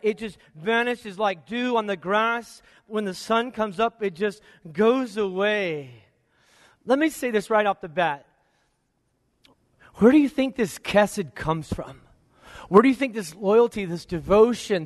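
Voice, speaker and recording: A male pastor preaching a sermon, firing rhetorical questions and swinging between slow, weighty phrases and quick bursts. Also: high voice, dry recording, clean studio sound, long reverb tail. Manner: preaching with rhetorical questions, varying pace and loudness. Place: church sanctuary.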